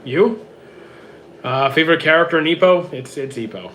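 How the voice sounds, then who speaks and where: A man with a hoarse, worn-out voice reads out viewer questions and answers them offhand in casual livestream chat from home. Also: a little high, big pitch swings, normal speed, fairly bright tone, a little hiss or hum. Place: home with roommates.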